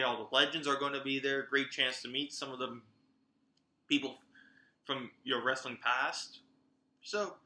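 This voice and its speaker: A man giving a chatty, excitable roundup of upcoming wrestling events and talking straight to his viewers. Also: mid-range voice, reverberant. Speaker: wrestling vlogger.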